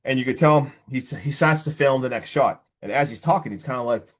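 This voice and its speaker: Excitable man retelling a film. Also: mid-range voice, fairly quick. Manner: animated retelling, acts out the characters; excitable, slangy. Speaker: podcast host. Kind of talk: casual podcast film review.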